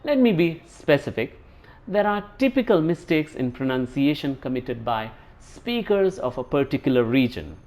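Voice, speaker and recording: Indian english guy teaching pronunciation, sing-song lively pitch, spells out sounds slow. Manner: explanatory, demonstrates sounds slowly. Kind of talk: scripted lesson narration.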